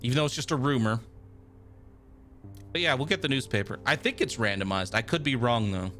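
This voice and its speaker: A man's voice: mid-range voice, expressive, brisk, a bit bright, faint music behind. Casual male streamer reading a game aloud. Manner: casual, reacts and reads narration aloud.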